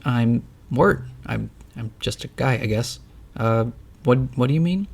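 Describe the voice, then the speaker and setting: A man's voice: mid-range voice, lively intonation, a little slow, creaky. A man voicing a nervous teenage boy who talks hesitantly and stammers.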